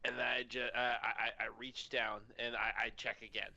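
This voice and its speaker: A man player describing his character's actions in a tabletop game, speaking in a halting, hesitant way. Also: medium pitch, level tone, creaky, sharp tone, lo-fi sound, a little hiss or hum. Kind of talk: in-character role-play narration.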